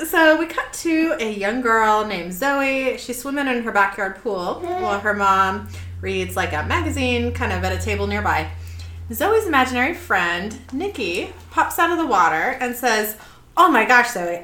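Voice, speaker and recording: A woman co-hosting a chatty podcast, her voice high and bright, swooping up into squeals as she acts out lines. She laughs often between sentences. The room around her rings with echo. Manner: giggly, animated, does squealing character voices. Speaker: podcast co-host recapping a TV episode. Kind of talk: casual chat, acting out scene dialogue.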